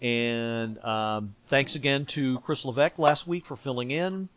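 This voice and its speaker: A man's voice: mid-range voice, measured pace, fairly bright tone, no room sound. A man hosting a casual sports podcast, joking and rambling with lots of fillers. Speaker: podcast host. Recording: dull lo-fi sound.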